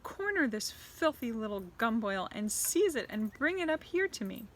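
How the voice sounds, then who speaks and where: A screeching, high-pitched storybook witch queen barks orders at her followers, put on by a woman reading aloud. She is loud and cruel, her voice pushed well above a normal speaking pitch. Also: very animated, moderate pace. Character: shrill commanding female Grand High Witch.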